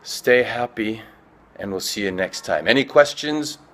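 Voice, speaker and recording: Guy running a language lesson, explains things slow, voice jumps up and down a lot. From from a Western English-speaking country, living in Korea. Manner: slow deliberate explanations, lively pitch jumps. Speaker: language teacher and show host.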